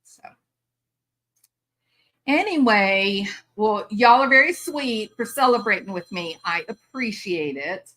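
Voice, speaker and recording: A woman's voice: medium pitch, lively intonation, takes it slowly, fairly bright tone. A chatty, bubbly older woman, hosting a casual live stream and laughing often. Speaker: livestream host.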